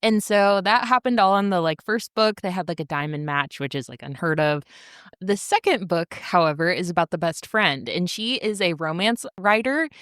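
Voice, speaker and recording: A woman's voice: lowish voice, normal speed, a bit bright, clean tone, dry recording, studio quality. A woman co-hosting a podcast, chatting enthusiastically and casually, with lots of filler words. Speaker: podcast co-host. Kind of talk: casual chat.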